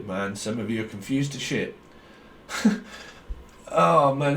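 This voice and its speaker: Animated but a little slow, a man with a somewhat high voice delivers a rambling tarot reading, leaving long pauses between thoughts. He's blunt, swears freely, and talks in a loose stream of consciousness, captured by a distant mic in an echoey space.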